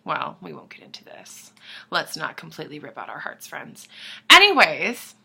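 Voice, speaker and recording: A young woman chatting to camera in a gushing, excitable way, swearing, dropping into whispers and bursting into squeals. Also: low voice, moderate pace, vocal fry, slightly rough. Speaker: vlogger. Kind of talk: casual chat to camera.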